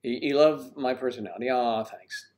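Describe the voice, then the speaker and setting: Brief: older male host, mid-pitched, jokey and rambling, reads chat, clears his throat. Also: moderate pace, darkish tone. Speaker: host of a livestream. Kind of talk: casual live chat reading viewer comments.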